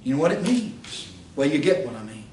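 Fiery high-voiced preacher. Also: male voice, big pitch swings, a little fast. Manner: rhetorical questions, pitch swings, rises to shouts. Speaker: pastor teaching a Bible institute class. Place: church classroom. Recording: roomy, distant mic, faint hiss.

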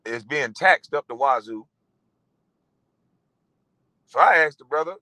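A man in his forties delivers a profane rant in a raised, bright voice that swings widely up and down. He is mocking and animated. The sound is dry and close. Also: on the high side, unhurried, no room sound, rough recording. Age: 40s. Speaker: vlogger. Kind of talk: profane ranting monologue.

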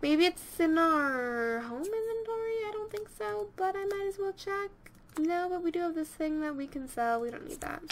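A woman's voice: very high-pitched, expressive, moderate pace, a little hiss or hum. A young woman giving rambling, casual commentary over her video game and talking to her characters. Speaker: let's play host.

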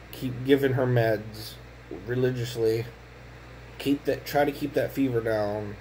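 A man's voice: mid-range voice, dark tone, a little hiss or hum, low-quality recording. A tired young man and father talking casually in a home vlog, weary and frustrated, often repeating words as he speaks. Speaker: vlogger, father.

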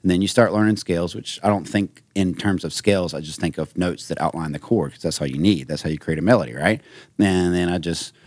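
A man's voice: low voice, brisk, a little mellow, no room sound, clean studio sound. A man from Mississippi, a chef and guitarist, chatting casually on a podcast and telling rambling stories. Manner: rambling storyteller, quotes others. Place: podcast studio.

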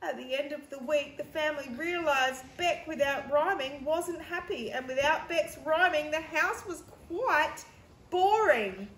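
A woman reads her handmade picture book to children in a gentle, explaining way. She speaks slowly, in a high voice. The sound echoes in a roomy space with faint ambience. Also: slight background noise. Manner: gentle, explaining to young kids. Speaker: teacher.

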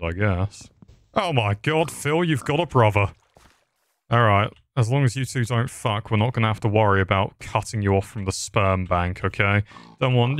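Lower-voiced young gamer, crude dark humor, loose rambling delivery. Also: male voice. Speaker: gaming YouTuber. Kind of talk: casual Minecraft commentary.

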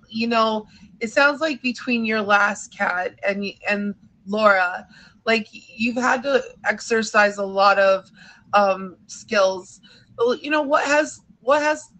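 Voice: medium pitch, bright, forceful tone. A host asking friendly follow-up questions in a casual interview.

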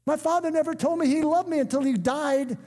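An older man preaching a sermon, emphatic, breaking into shouts and calling on the congregation to answer. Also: very high voice, fairly even intonation, fairly quick. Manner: emphatic, bursts into shouts and calls for response. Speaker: guest preacher. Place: church sanctuary. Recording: echoey church hall.

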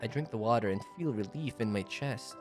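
A man's voice: lowish voice, brisk, music in the background, lightly acted. A man reading as a shy, anxious schoolgirl. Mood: subdued. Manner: soft, hesitant, self-doubting. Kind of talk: reading a visual novel aloud.

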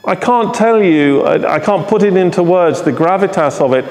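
A man's voice: high-pitched, expressive, moderate pace, darkish tone. A man preaching an earnest, emphatic sermon at a live church service, often repeating phrases for emphasis. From England. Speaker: pastor. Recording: live hall with long reverb.

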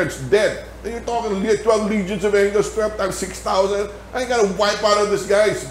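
Filipino-accented male Bible teacher, lively storyteller, slightly high pitch, echoey church room. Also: slight background noise. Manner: animated storytelling with laughter. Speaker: Sabbath school teacher. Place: church hall.

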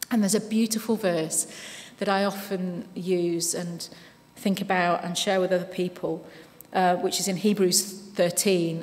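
A woman giving a sermon in a church, speaking conversationally and reading scripture slowly and with care. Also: fairly low pitch. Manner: warm conversational preaching with frequent "you know"; reads scripture slowly and deliberately. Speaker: preacher. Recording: long reverb of a church hall.

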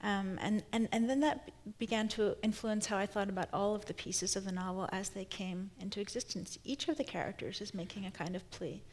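Woman, novelist, onstage conversation, thoughtful, searching, halting restarts. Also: mid-range voice, a little mellow. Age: 30s. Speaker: novelist guest.

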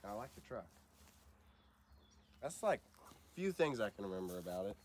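A man's voice: lowish voice, sing-song, moderate pace, background noise. A young man chatting casually and joking, telling a story in loose starts and stops. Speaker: friend of the host. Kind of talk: casual chat.

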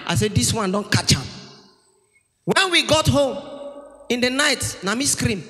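On a large church hall stage, a man with a Nigerian accent performs stand-up comedy in Pidgin-laced English. His voice is very high and a little slow as he tells animated stories, shouts punchlines and acts out family members. The live hall adds long reverb, with faint music in the background.

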